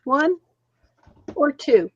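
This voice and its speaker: High-voiced woman losing her voice. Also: big pitch swings, very slow. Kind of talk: casual chat. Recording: dull, lo-fi call audio.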